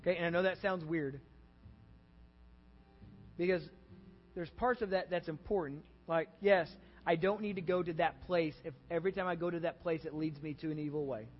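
A man's voice: a little high, normal speed, big-room sound, dull audio. A man with a Texan accent preaching a sermon as pastor, earnest and conversational, rising in intensity.

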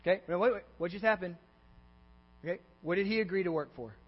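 Preaching quickly in a high voice, a pastor keeps asking his congregation questions and checking in with "okay?" and "all right?". The sanctuary recording sounds dull and echoey, and mains hum runs through it.

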